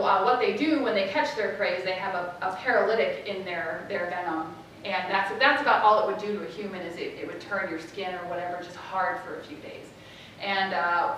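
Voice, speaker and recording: Animated woman storyteller in an echoey hall. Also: distant mic, a little hiss or hum. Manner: animated, acts out family voices with big pitch jumps. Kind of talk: live personal storytelling.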